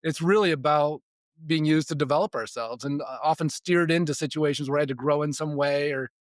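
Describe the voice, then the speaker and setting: A man in his forties with a slightly high voice, telling stories from his life as a podcast guest. He speaks casually, often restarts and repeats words, and chuckles now and then. The recording is close and dry. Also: brisk, dry recording. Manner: chuckles between sentences. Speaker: podcast guest, spiritual development coach. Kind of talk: casual storytelling in conversation.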